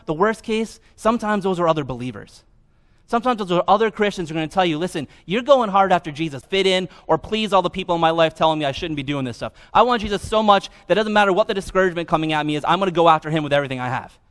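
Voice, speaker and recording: A young man delivers a sermon in a lively, casual way, full of slang and quick asides. His voice sits high for a man. The sound carries a long reverb from the church hall. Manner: animated, conversational, casual slang. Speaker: pastor. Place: church sanctuary.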